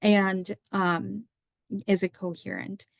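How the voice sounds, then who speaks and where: A woman's voice: mid-range voice, fairly even intonation, takes it slowly, gravelly, no echo, clean studio sound. A young woman, a psychiatry resident, teaching medical students through a slide lecture, running through lists of questions in an explanatory way. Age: young adult.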